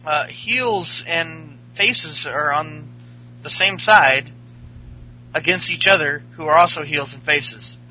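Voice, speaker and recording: A man co-hosting a podcast, talking about wrestling in a hesitant, halting way. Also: on the high side, pushed and bright, slight background noise, rough recording. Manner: hesitant, halting, many fillers. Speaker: podcast co-host. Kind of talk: casual wrestling chat.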